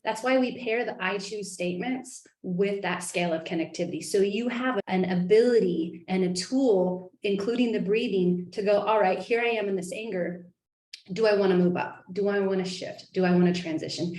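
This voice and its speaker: Woman life coach, earnest and animated on a group call, mid pitch, echoey room sound. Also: moderate pace. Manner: earnest, animated, acts out inner voices.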